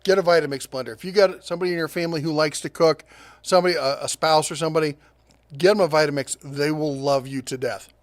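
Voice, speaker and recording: A middle-aged man hosting a casual deals rundown, chatty and quick with asides, laughing at his own jokes. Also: on the high side, steady tone, no room sound. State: prone to coughing fits. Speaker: host of a tool and deals channel.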